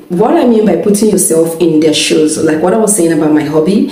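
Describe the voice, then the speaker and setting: A woman's voice: on the low side, brisk, few pauses, warm tone. A young woman giving casual marriage advice. She checks in often with her listeners and laughs between points. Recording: echoey room, mic at a distance.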